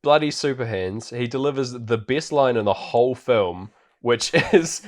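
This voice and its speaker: A man's voice: mid-range voice, lively intonation, unhurried. Laughing, rambling male podcast host. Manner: rambling, laughs often, heavy filler words. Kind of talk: casual chat recapping a film.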